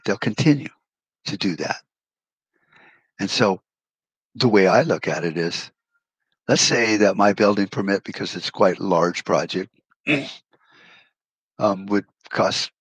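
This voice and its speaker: A middle-aged man with a very low, husky voice delivers a profane, blunt rant into a close podcast mic. The room sounds dry and dead, and he leans on folksy comparisons to make his point. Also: no room sound, low-quality recording. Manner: blunt, swears freely, folksy analogies. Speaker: podcast host.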